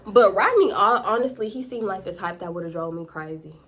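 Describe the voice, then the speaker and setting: A woman's voice: medium pitch, expressive, brisk, fairly bright tone. A young woman, telling a storytime close to the camera in a profane, slangy, dramatic way. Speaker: vlogger. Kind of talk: casual storytime.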